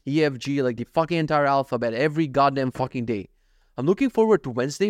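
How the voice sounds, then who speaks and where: A man's voice: medium pitch, darkish tone, no room sound, clean studio sound. A man hosting a casual solo podcast, ranting in an exasperated, profane way and often saying "dude". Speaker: podcast host.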